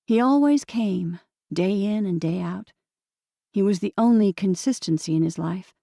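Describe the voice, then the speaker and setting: Calm, gravelly woman narrating an audiobook. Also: mid-range voice, dry recording, clean studio sound. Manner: calm, steady storytelling. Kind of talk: scripted narration.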